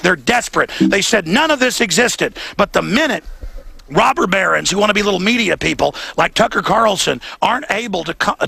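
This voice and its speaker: Gravelly, high-pitched, heated male talk host. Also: pushed and bright. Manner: fast, heated and emphatic, mocking his critics. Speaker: radio host. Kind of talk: live talk radio rant. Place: outdoors at a protest.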